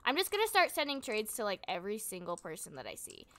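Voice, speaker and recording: A woman's voice: mid-range voice, wildly swooping pitch, fast talker, fairly bright tone. A young woman casually commenting on her gameplay, chatty and giggly, thinking aloud as she goes. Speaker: gaming channel host.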